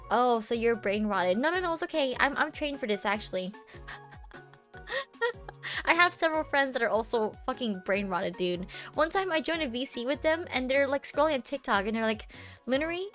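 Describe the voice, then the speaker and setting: A woman's voice: a little high, expressive, moderate pace, fairly bright tone, faint music behind. A young woman streamer chatting casually with her viewers, playful and teasing, giggling often and rambling with lots of fillers.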